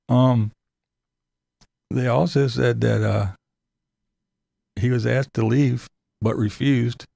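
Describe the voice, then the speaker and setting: Gravelly, laughing commentary host man. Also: medium pitch, fairly even intonation, very slow, long pauses, dark tone, dry recording. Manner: profane, laughs often, incredulous. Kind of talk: casual commentary to a live chat.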